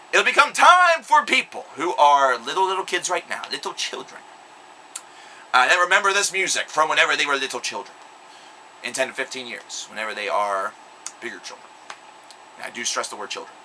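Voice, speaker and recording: A man's voice: mid-range voice, pushed and bright, slight background noise, poor audio. A young man delivering an angry, sarcastic, profanity-laced vlog rant. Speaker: video blogger. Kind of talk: ranting vlog monologue.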